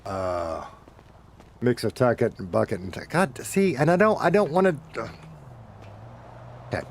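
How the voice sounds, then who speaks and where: A man's voice: medium pitch, expressive, unhurried, slight background noise. A middle-aged man with a Southern US accent, chatting casually to his viewers while he plays, rambling, correcting himself, and cursing now and then. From Deep South of the United States. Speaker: streamer.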